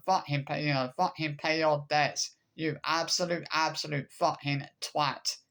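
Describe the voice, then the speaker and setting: A man's voice: fairly high pitch, gravelly, fairly bright tone. A man in an angry, swearing vlog rant, repeating himself with frequent hesitant restarts. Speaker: vlogger.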